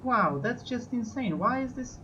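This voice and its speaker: Muffled let's-play commentary over loud engine noise. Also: medium pitch, lively intonation, a little slow. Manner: talks to self, narrates each moment, swears and yelps when things go wrong. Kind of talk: live gameplay commentary.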